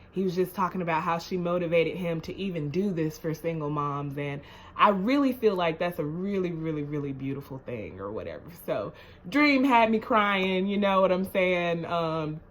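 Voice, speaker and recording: A woman's voice: fairly low pitch, fairly bright tone, a little hiss or hum. Woman vlogger, chatty and repetitive, earnest and emotional, moves into pep-talk encouragement. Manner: chatty, repetitive, often asks "you know what I'm saying?". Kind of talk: casual storytelling to camera.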